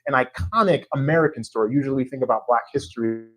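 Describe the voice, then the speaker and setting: Animated male author telling stories. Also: mid-range voice, fast talker, poor audio. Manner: animated, anecdotal, with a frequent tag question asking the audience to agree. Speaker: author discussing his book. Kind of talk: storytelling conversation before a live audience. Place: church event space.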